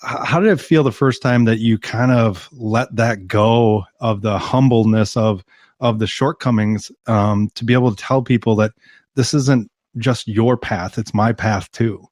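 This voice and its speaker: A man's voice: on the low side, measured pace, darkish tone, dry recording, clean studio sound. An American man hosting a podcast interview, enthusiastic, laughing often and stumbling over repeated words. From United States. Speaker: podcast host. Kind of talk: casual interview.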